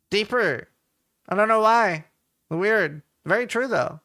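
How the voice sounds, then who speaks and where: A man from Norway chats loosely through a live stream, answering his chat aloud. His voice sits a bit high and rings bright and forceful, with casual swearing. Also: animated, slow pace. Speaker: game streamer.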